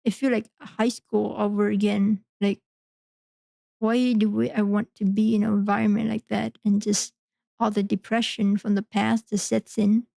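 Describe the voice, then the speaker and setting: A woman's voice: mid-range voice, flat delivery, normal speed, creaky, warm tone, dry recording. A woman hosting a podcast, talking frankly in a rambling, casual monologue full of fillers. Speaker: podcast host.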